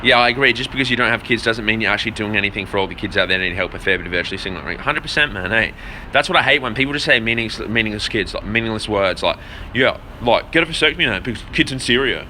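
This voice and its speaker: A man with a fairly low, bright, forceful voice rants bluntly and profanely on a livestream, talking rapid-fire with few pauses. He answers his chat and stumbles, repeating words as he hunts for them, over slight background noise.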